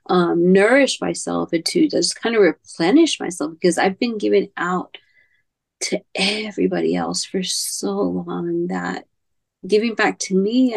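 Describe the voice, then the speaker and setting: Her voice mid-range and creaky, a woman appears as a podcast guest recounting something personal. She speaks haltingly, repeats herself, and occasionally drops nearly to a whisper.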